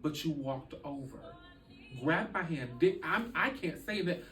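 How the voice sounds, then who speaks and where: Man, emotional personal storytelling, earnest and halting, distant mic, roomy sound, music behind. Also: on the high side, lively intonation, a bit bright. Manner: earnest, halting, with repeated restarts. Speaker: podcast guest.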